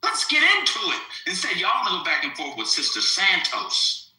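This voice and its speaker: A man arguing in a crude, casual live-stream debate, provocative and animated. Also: high voice, moderate pace, roomy sound, rough recording. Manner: animated, provocative, swings loud to soft.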